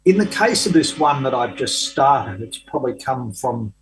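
An older man, a writer being interviewed, recounting an anecdote in a relaxed, conversational way with frequent ums and restarts. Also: medium pitch, normal speed, a little hiss or hum, poor audio. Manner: hesitant, many fillers and restarts. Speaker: author guest. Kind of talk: conversational storytelling.

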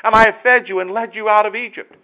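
A man's voice: high-pitched, wildly swooping pitch, fast talker, pitched above the performer's own voice. A man voicing God as an indignant ruler scolding his rebellious people, in a slightly dull recording. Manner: loud, exasperated rebuke.

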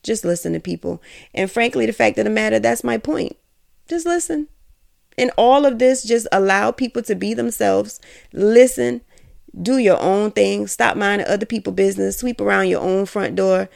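A woman's voice: mid-range voice, normal speed, gravelly. A woman hosting a solo podcast, giving candid, emphatic and rambling opinions. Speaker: podcast host.

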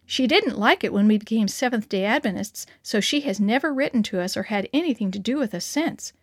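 A tender, worried mother of six from a children's storybook, read aloud by a woman. She speaks softly and reassuringly, her fairly high voice sitting dry and close to the mic. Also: expressive, brisk, no room sound. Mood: gentle.

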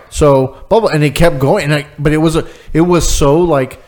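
A man's voice: fairly high pitch, a little fast. Casual man swapping stories. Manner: swearing, storytelling with quoted voices. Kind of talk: casual chat.

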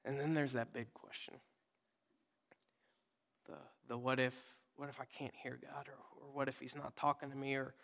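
Casual young preacher in an echoing church. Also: male voice, mid-range voice, flat delivery, moderate pace, vocal fry, long pauses. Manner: casual, conversational preaching with sudden loud readings and soft whispered asides. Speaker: pastor. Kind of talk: sermon. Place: church sanctuary.

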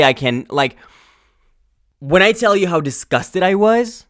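A male podcast host ranting angrily and profanely in a casual monologue, full of fillers and sudden loud outbursts. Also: high-pitched, lively intonation, measured pace, pauses often, no echo, studio quality. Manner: angry, exasperated, profane.

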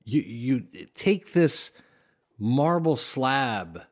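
A man coaching comedy writing in a conversational talk to camera, breaking into animated bursts and dry sarcastic asides when he demonstrates delivery. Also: mid-range voice, drawn-out words, slightly rough.

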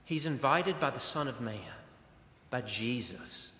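Bright-voiced preacher man in an echoing hall. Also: medium pitch, animated, unhurried, a little hiss or hum. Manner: earnest, conversational preaching. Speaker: pastor. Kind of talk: sermon. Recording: echoey hall with long reverb.

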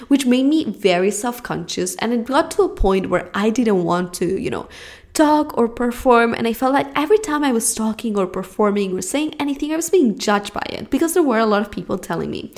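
Young accented woman, solo podcast host; warm-hearted coaching tone, earnest and animated. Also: fairly high pitch, normal speed. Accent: non-American. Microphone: podcast mic.

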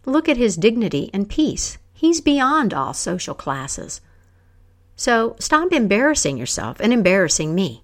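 A woman voicing a calm, wise king in a told folk tale, speaking measured and kindly. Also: medium pitch. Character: calm wise king, middle-aged man.

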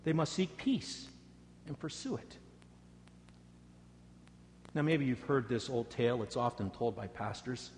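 A male pastor delivering a sermon, his mid-range voice rising for the dramatic parts and falling quiet and low for prayer. The sound carries a long church reverb. A faint hum sits underneath. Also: animated, unhurried, long pauses. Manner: dramatic storytelling, rising loud for quoted taunts, dropping soft for prayer.

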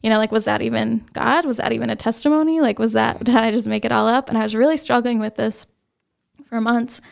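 A young woman, fairly high-voiced, tells her faith testimony as an interview guest, earnest and halting. Her tone stays flat and even, with a gravelly fry running under an otherwise smooth voice. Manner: earnest, halting, with many fillers.

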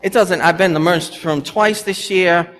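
Casual: pastor guy preaching in a church, chatty and animated, voice sits a bit high, big echoey hall. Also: brisk. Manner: animated, storytelling with lively asides. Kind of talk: conversational sermon. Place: church sanctuary. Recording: long church reverb, faint background noise.

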